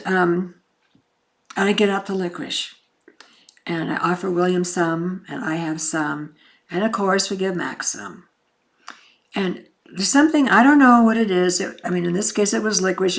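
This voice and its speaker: A woman telling a personal story in a gentle, unhurried, reflective way, with frequent pauses. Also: on the low side, gravelly. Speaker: speaker.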